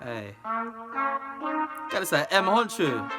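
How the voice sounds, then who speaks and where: Lively young man reacting. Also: a little high, brisk, loud music behind the voice. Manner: chatty and animated, breaking down lyrics, bursts of loud laughter. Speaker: music reaction channel host. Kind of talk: casual reaction commentary.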